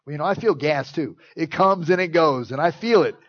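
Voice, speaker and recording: A middle-aged male pastor preaching a sermon, animated and playful, acting out quoted voices and joking with his congregation. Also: on the high side, a little fast, highs cut off.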